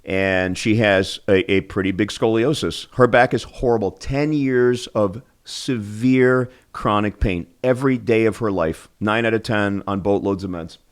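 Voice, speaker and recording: A man's voice: fairly low pitch, a little slow, few pauses, smooth. A man, a spine surgeon, telling patient stories in an interview, restarting often. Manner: animated, acts out patients' voices, restarts often. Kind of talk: storytelling in a podcast interview.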